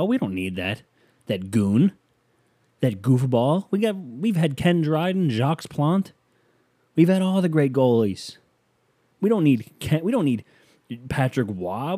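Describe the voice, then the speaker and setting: Joking man with a mellow voice. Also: no room sound. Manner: loose, joking, animated with sudden pitch jumps. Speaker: podcast host. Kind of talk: casual solo podcast chat.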